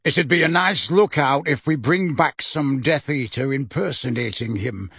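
A man's voice: mid-range voice, measured pace, a bit bright, breathy edge, no room sound, studio quality. A man voicing a grizzled, suspicious old wizard who growls and barks his words in a storybook reading. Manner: growling, barking.

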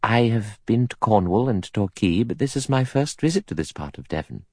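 A man's voice: on the low side, big pitch swings, a little fast, warm tone, slightly rough, dry recording, studio quality, voice pushed up. A man voicing a prim, stiff spinster. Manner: stiff, clipped. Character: prim unmarried woman, stiff and proper.

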